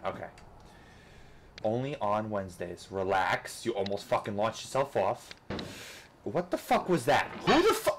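A man commentating a rage-inducing game, swearing constantly and switching between frustrated outbursts and coaching himself to calm down. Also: fairly low pitch, background noise. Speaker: gamer. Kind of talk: let's play commentary.

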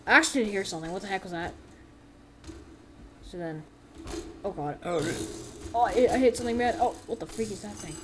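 Rambling excitable woman commentating a game. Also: mid-range voice, fairly quick, long pauses, a little hiss or hum. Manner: rambling and excitable, with sudden yelps. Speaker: gameplay commentator. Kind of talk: casual let's-play commentary.

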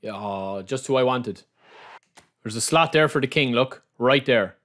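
A man with an Irish accent giving live-streamed gaming commentary, excitable and repeating phrases while he talks to his viewers as lads. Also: mid-range voice, unhurried. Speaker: gaming YouTuber opening card packs.

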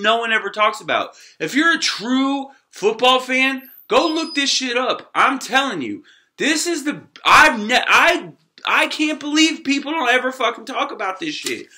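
A man with a high, very bright voice rants about sports to his camera. He swears constantly and uses street slang, and he lurches between yelling and mumbling under his breath. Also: expressive, normal speed. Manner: swings between shouting and low muttering. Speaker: sports vlogger. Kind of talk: profane sports rant to camera.

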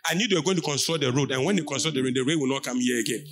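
A Ghanaian man preaching a sermon as pastor, shouting out lines and calling on the congregation to answer. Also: mid-range voice, racing, over music.

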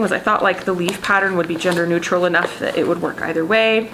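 A woman's voice: medium pitch, fairly bright tone, slight background noise, low-quality recording. A pregnant woman, chatting casually to camera in a rambling way. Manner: chatty, rambling, frequent "I was like" asides. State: heavily pregnant, has hiccups. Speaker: vlogger.

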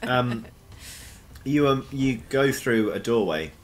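A man narrating a fantasy dungeon as game master, his pitch rising and falling a lot. He rambles through the scene with frequent ums and self-corrections. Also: lively intonation, takes it slowly, a little hiss or hum. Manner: rambling, lots of ums and restarts.

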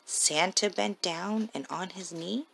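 A mother reading a rhyming children's picture book aloud in a slow, sing-song manner. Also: lowish voice, gravelly, a bit bright, slight background noise, rough recording.

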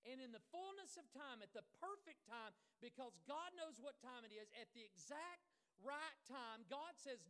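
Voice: high-pitched, expressive, moderate pace, fairly bright tone, clean tone. Conversational pastor with playful asides. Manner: conversational preaching with jokey asides to the congregation; repeats phrases for emphasis. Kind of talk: sermon.

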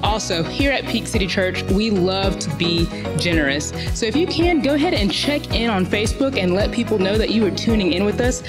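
A woman giving friendly, welcoming church announcements. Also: mid-range voice. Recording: loud music underneath.

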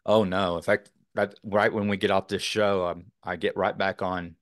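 A man's voice: low voice, little pitch movement, moderate pace, no room sound, clean studio sound. A man from Texas, a podcast guest, talking earnestly in a rambling way with many fillers. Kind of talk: casual interview talk.

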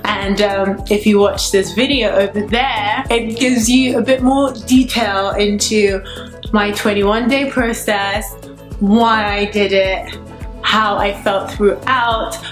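A woman from Nigeria talks to camera in her apartment, excitable and a little breathless. Her voice sits at a middle pitch. The room adds a noticeable echo, with faint music behind. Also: slow pace. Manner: chatty and excitable. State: a bit out of breath. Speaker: vlogger. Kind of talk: casual vlog to camera.

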